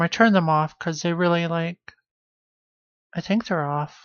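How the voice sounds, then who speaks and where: Slow-talking man live-streaming from home. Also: a little high, fairly even intonation, clear, resonant tone, no room sound, muffled recording. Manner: rambling, offhand, half-finished sentences. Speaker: livestreamer. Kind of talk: casual live-stream chat.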